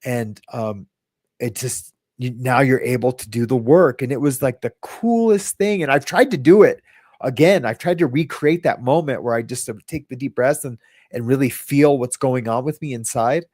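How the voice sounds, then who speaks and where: A man hosting a podcast tells his recovery story in a loose, rambling way, restarting sentences and acting out what others said. His voice sits at an ordinary pitch for a man. The recording is dry, with no room echo. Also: normal speed, darkish tone. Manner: rambling, with frequent restarts and reenacted quotes. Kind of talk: casual storytelling.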